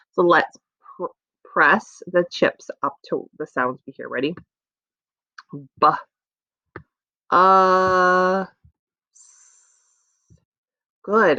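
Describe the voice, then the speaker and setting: A woman teaching young children a phonics lesson, patiently encouraging them and sounding out letters slowly, recorded on a dull lo-fi setup. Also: sits low, fairly bright tone, no room sound. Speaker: elementary school teacher.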